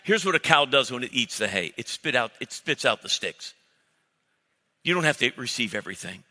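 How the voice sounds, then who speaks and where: A middle-aged male pastor preaches with a very bright, cutting voice that rings through a reverberant church hall. His delivery is blunt and emphatic, punching out lines and firing off mock arguments. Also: mid-range voice. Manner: emphatic, blunt preaching with sudden loud mock-dialogue bursts. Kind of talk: sermon.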